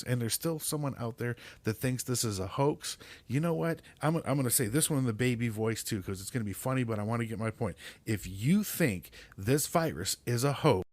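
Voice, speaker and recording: A man's voice: mid-range voice, darkish tone, no echo. A man hosting his own podcast, talking alone in an exasperated, profane rant and repeating words as he gets heated. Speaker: podcast host.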